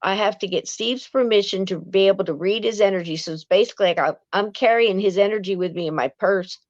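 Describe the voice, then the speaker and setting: A woman's voice: mid-range voice, quick pace, no echo, dull audio. A woman telling a paranormal story in casual chat, restarting often and acting out what others said. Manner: chatty, acts out quoted voices, frequent restarts. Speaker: guest, paranormal author.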